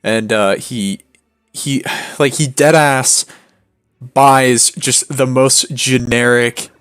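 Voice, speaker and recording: A man's voice: medium pitch, steady tone, drawn-out words, a bit bright, clean tone, no echo, studio quality. A young man from Canada, chatting casually on a late-night gaming stream in a laid-back, slangy way and swearing freely.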